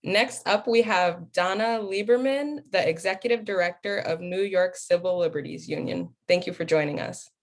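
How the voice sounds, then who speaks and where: Lower-voiced woman emceeing speakers. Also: normal speed, hardly any pauses. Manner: warm thanks, hesitant fillers. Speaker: event emcee. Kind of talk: introducing speakers.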